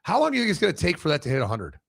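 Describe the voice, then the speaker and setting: A man's voice: on the high side, huge pitch swings, racing, creaky, breathy edge. A man co-hosting a sports podcast in casual, blunt and profane talk, often restarting his sentences as he makes a point.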